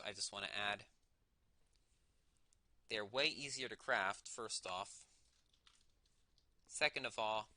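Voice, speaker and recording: A man's voice: medium pitch, sharp tone. Young man with a slight lisp, rambling. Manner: musing aloud, self-correcting while playing. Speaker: livestreamer. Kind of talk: casual gameplay commentary.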